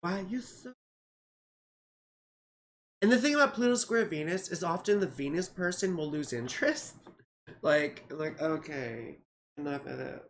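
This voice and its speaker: Low-pitched and expressive, her speech moves at a measured pace broken by long pauses. She's a goofy, rambling astrologer from the United States, in her forties, casually reading charts live on a stream and cursing freely. Tiredness shows throughout: she yawns and seems a little out of it.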